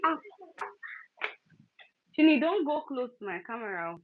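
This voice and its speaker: A woman's voice: high-pitched, sing-song, unhurried. A young woman at home, coaxing and scolding a small child in a playful way, with turns of phrase. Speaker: vlogger and mother. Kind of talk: casual home vlog, talking to a small child. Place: home, indoors. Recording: dull lo-fi home recording with faint noise.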